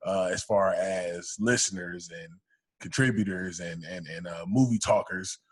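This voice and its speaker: A man guesting on a podcast, relaxed and repeating words as he gets going. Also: low-pitched, measured pace, husky, no room sound. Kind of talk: casual podcast chat.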